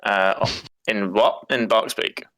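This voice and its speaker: A man's voice: on the low side, fairly even intonation, takes it slowly, a bit bright, no room sound. A man playing a tabletop game, chatty and hesitant, often laughing. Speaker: player. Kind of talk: casual tabletop play.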